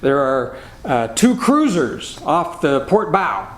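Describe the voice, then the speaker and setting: A man voicing a panicked young bosun yelling an alarm to his admiral. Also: on the high side, very animated, slow, voice pushed up. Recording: roomy hall echo.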